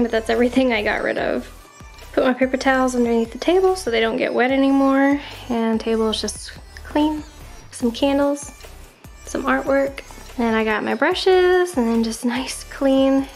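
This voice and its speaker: A woman's voice: fairly high pitch, gravelly. A young woman vlogging casually from her home art studio, rambling and chatty with lots of fillers. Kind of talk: casual storytelling vlog. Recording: roomy, from a distance, music under. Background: soft background music.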